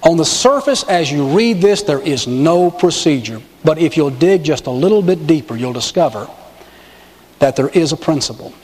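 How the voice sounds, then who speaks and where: A man's voice: a little high, lively intonation, moderate pace, darkish tone, big-room sound. A male pastor preaching a sermon in a church, stressing key words and pressing the congregation to respond. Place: church sanctuary with balcony and choir.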